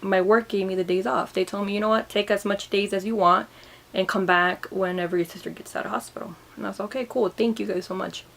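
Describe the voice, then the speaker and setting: A young woman recounting a personal memory in a vlog, emotional and halting, often repeating and restarting her words. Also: medium pitch, fairly even intonation, gravelly. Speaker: vlogger.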